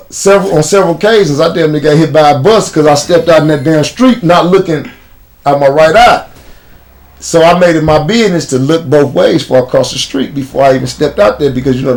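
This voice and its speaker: Fairly quick and slightly high, with a darkish tone, this American interview guest speaks with a Chicago accent. He uses street slang to tell his stories bluntly in a casual setting.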